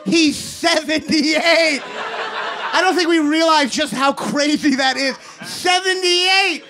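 A man in his thirties doing a stand-up set in a comedy club, ranting in an exasperated way and shouting his punchlines into a handheld mic. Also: very high-pitched, steady tone, slow. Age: 30s. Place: comedy club basement before a live audience. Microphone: handheld stage microphone. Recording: live club recording with audience noise. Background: audience laughter.

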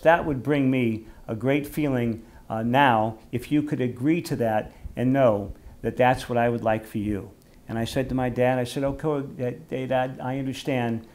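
An older man, a rabbi, giving a memorial service sermon in a gentle, heartfelt storytelling manner, slowing down for readings and prayers. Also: mid-range voice, steady tone.

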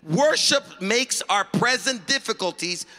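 Fervent high-voiced man preaching. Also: expressive, faint music behind. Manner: fervent, shouting praise calls; quick, emphatic retelling in character. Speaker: pastor. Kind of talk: sermon. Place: church sanctuary. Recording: long reverb of a church hall.

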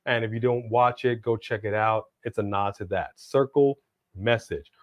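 A man's voice: fairly low pitch, moderate pace, dry recording, clean studio sound. A man co-hosting a live wrestling prediction stream, chatting casually and now and then bursting into a hype-announcer delivery.

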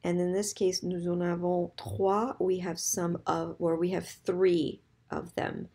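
Patient language teacher, middle-aged woman, dark mellow tone, repeats phrases slowly. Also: fairly low pitch, flat delivery, slightly rough. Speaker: French teacher. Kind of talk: recorded slide lesson.

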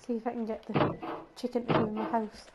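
A woman chatting casually through a gameplay session as the host of her gaming channel. Her voice is still rough after a cold, and she giggles and coaxes the animals in the game in a sing-song voice. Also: a little high, little pitch movement, quick pace, very noisy.

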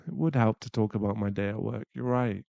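A man's voice: on the low side, a little fast, gravelly, warm tone, no room sound, lo-fi sound. A man voicing a young boyfriend who is hot-tempered but remorseful, in a whispered role-play, swearing and then murmuring apologies. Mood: tender.

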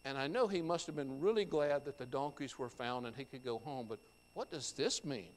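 A pastor preaching a sermon, reading scripture aloud and explaining it verse by verse. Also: male voice, mid-range voice, a little fast. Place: church sanctuary. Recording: church hall with long reverb.

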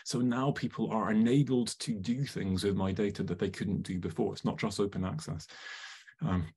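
A man's voice: fairly low pitch, fairly even intonation, moderate pace, a little mellow, husky. A man presenting a live online workshop, chatty and full of ums, often asking the audience questions over a video call.

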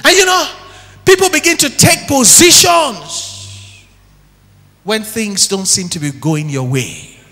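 A man preaching an impassioned sermon, shouting one moment and dropping low the next, recorded live in church. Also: expressive, slow, long pauses, faint music behind. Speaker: pastor. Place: church hall. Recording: live church recording with long hall reverb.

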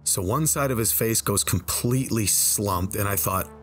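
Man, lowish voice, casual storytelling, conversational, faint music underneath. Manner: conversational, slows down for tense moments. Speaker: storyteller and game video creator. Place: voice-over over gameplay footage. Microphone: desk microphone.

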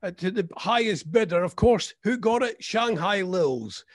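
A man's voice: high-pitched, lively intonation, measured pace, no echo, studio quality. A man co-hosting a radio show, teasing his partner with mock-serious questions in casual banter. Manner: teasing, hesitant, full of restarts. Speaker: radio co-host.

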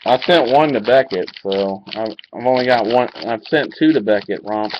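A man's voice: medium pitch, normal speed, slight background noise. Man calling card pulls on dull webcam audio. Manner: excitable, reacts to pulls. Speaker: card breaker. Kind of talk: live card break commentary. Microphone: webcam mic.

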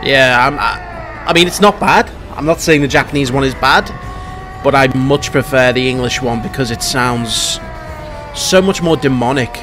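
A man's voice: mid-range voice, moderate pace, over music. A man hosting a casual reaction video, giving his opinion in a blunt, chatty way and often restarting his sentences. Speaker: YouTube reaction host.

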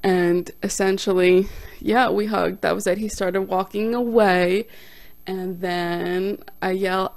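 A young woman, a stand-up comic, telling a casual storytime on her vlog with animated, self-deprecating delivery and quoted voices. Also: mid-range voice, moderate pace, creaky, no room sound.

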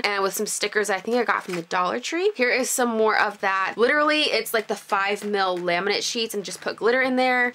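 A woman's voice: medium pitch, sharp tone. A woman casually walking through her planner setup, chatty and self-correcting, with little laughs between thoughts. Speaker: planner vlogger. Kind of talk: casual show-and-tell walkthrough.

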